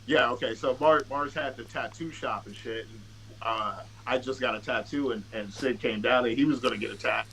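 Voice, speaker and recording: A man with a bright, forward voice spins loose, profane stories as a podcast guest, often restarting mid-sentence and slipping into quoted dialogue. His talk is casual and unpolished, full of fillers, with a faint hiss of background noise. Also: mid-range voice, normal speed, rough recording. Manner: restarts and filler-heavy delivery. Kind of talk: casual storytelling.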